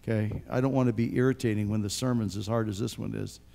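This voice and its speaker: A man in his sixties preaching a sermon as pastor, earnest and emphatic, speaking straight to his listeners and swinging from hushed to loud. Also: on the low side, fairly even intonation, quick pace, creaky. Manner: addresses listeners directly.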